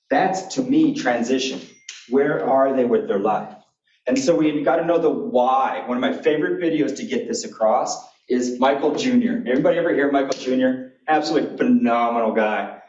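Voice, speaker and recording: A man's voice: mid-range voice, a little mellow, far from the mic. A man giving a keynote talk, telling blunt, humorous stories in a folksy way. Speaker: keynote speaker. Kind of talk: animated storytelling talk. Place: conference hall. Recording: echoey, dull room recording from afar.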